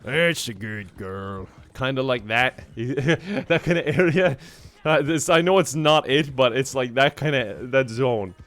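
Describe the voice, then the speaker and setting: A man with a medium-pitched, fairly bright voice chats unhurriedly while streaming a game, rambling casually with viewers. He laughs often and reads out donations from chat, thanking the people who send them.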